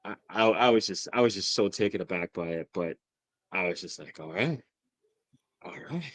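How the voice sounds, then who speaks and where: Man, low register, rowdy excitable podcast guest, cusses a lot, dry close mic. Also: fairly quick, no room sound. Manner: excitable, profane, laughs often. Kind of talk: casual chat.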